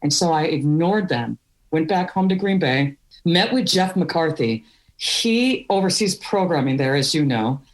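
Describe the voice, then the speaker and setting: A woman's voice: low voice, expressive, a little slow. A middle-aged woman from Wisconsin, a podcast guest telling candid stories with laughs. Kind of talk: storytelling interview.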